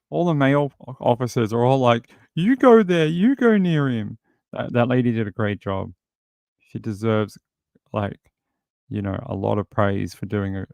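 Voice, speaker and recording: A man with a fairly low, gravelly and slightly mellow voice hosts a true crime show, commenting casually and wryly on news clips. He rambles and mimics the people in them with silly voices. There's no echo.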